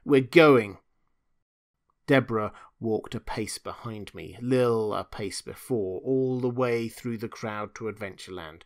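A man's voice: fairly low pitch, unhurried, few pauses. A man reading a novel aloud in first person as an audiobook narrator. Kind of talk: scripted narration.

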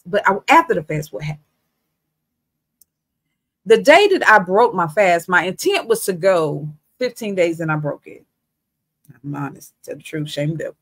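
Woman, husky faith testimony, candid and chatty, dry close sound. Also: medium pitch, no room sound. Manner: candid, conversational, lively storytelling. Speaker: Christian beauty vlogger.

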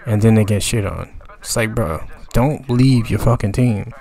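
A man's voice: lowish voice, unhurried, vocal fry, mellow. A young man giving profane, exasperated commentary over his gameplay, ranting about his teammates. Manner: exasperated, ranting, heavy swearing. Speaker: gaming channel commentator.

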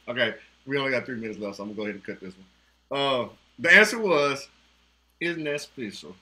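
Over a video call mic, a fast-talking man with a sing-song, mid-range voice and a bright, forceful tone hosts casual online trivia. He teases the players and laughs frequently.

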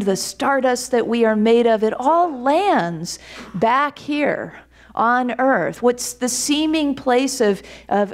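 A woman minister giving a sermon in a church sanctuary, in a conversational, storytelling way. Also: on the high side. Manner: conversational, storytelling, frequent "you know".

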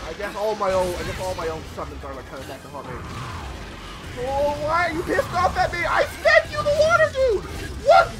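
Young guy w/ a really high voice bouncing all over, cursing at a game, loud game music behind. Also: fast, low-quality recording. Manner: excitable, yelps and swears at the game. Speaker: let's play gamer. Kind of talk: live gameplay commentary.

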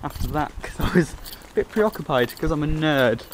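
A man's voice: on the high side, expressive, brisk, low-quality recording. A young man, chatting casually in a rambling, playful vlog, filmed on a handheld camera outdoors. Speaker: vlogger. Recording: loud outdoor noise.

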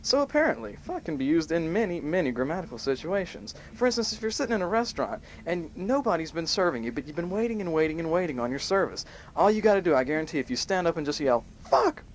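A man hosting an amateur home-made show, reading a list aloud in a mock-serious way and punching the quoted bits loudly. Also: fairly high pitch, very animated, fast, few pauses. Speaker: host. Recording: muffled home tape with faint hiss.

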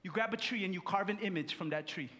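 A pastor from Samoa, preaching a sermon with animated storytelling and calling out to the congregation. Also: male voice, sits high, quick pace. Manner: animated storytelling with audience call-and-response. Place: church sanctuary. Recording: long church-hall reverb.

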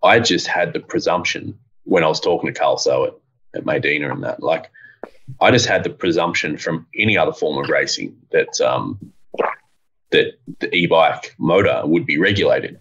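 A low-pitched man in relaxed podcast chat. He rambles with plenty of fillers and swears offhandedly. The audio sounds muffled and lo-fi. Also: normal speed, a little hiss or hum. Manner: rambling, laid-back, swears casually. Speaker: co-host, bike part designer.

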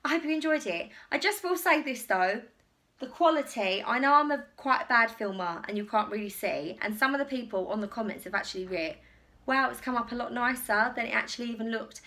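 Chatty woman with a bright voice. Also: a little high, expressive, a little fast. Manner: chatty, rambling, enthusiastic. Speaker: fashion vlogger. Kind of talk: casual try-on haul chat.

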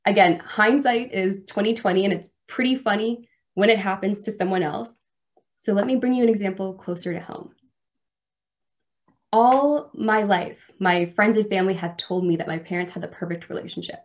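A woman's voice: mid-range voice, moderate pace. Woman preaching a story-filled sermon. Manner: conversational, self-deprecating humor. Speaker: guest speaker at a church service. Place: church.

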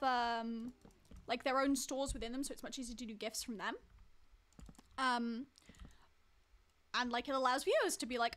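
Her voice sits high and sounds pushed and bright as she plays a game on a live stream. She keeps up casual chatter with her viewers, teasing them along the way.

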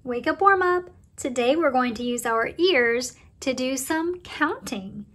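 A woman teaching a preschool circle time lesson, talking to young children in a cheerful, slow and encouraging way. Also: high voice, animated, a bit bright.

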